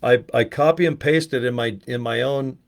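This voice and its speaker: A man's voice: medium pitch, moderate pace, vocal fry. Sweary, rambling middle-aged man vlogging. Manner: profane, rambling, animated storytelling. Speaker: network marketing vlogger. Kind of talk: casual talking-head chat.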